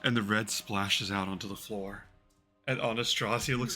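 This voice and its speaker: A man's voice: fairly low pitch, steady tone, normal speed, bright, forceful tone, soft background music. A man narrating a tabletop role-playing game as game master, with dramatic, theatrical storytelling.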